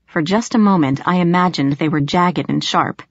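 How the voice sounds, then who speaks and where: A woman's voice: fairly low pitch, normal speed, dry recording. A woman narrating a first-person audiobook with tension, snapping sharply in her own dialogue. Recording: slightly dull lo-fi audio.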